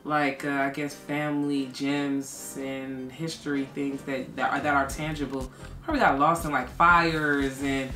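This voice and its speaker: A woman's voice: rumbling low, little pitch movement, measured pace, pushed and bright, soft background music. A woman vlogger chatting casually, rambling with lots of fillers. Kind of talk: casual chat.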